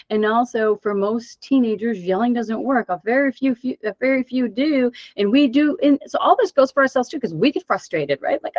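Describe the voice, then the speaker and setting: A woman's voice: on the high side, no echo. Woman presenting a coaching webinar. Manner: animated, conversational, frequent rhetorical questions. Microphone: video call mic. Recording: dull, dry webinar audio.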